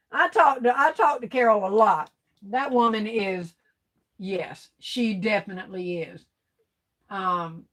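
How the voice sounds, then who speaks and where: A middle-aged woman with a drawl runs a relaxed livestream. She reads viewer comments aloud and chats back to them. She laughs often and calls people baby and girl. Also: medium pitch. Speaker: livestream host. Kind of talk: casual livestream chat reading viewer comments.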